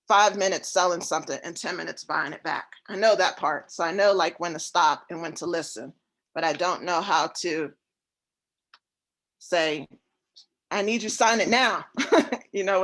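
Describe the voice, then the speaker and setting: A woman on a coaching call, talking in a laid-back, fairly monotone way about her trouble closing deals. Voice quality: even, fairly monotone delivery. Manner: laid-back, relaxed and low-key. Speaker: real estate syndicator seeking coaching.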